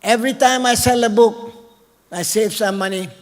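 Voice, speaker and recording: A man's voice: high-pitched, steady tone, moderate pace. An older man, giving an off-the-cuff keynote speech in a chatty way that keeps checking in with the audience. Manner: chatty, asks the audience "right?" often. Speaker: keynote speaker. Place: large hall. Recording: long hall reverb.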